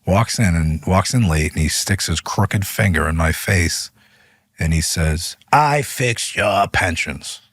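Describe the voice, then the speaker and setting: A deep, husky male voice, blunt and animated as he recounts events to an interviewer. The sound is dry and close, with no room around it. His voice climbs sharply when he gets fired up. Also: unhurried, dry recording. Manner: animated, voice rises when retelling arguments. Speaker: union leader guest. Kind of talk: interview storytelling.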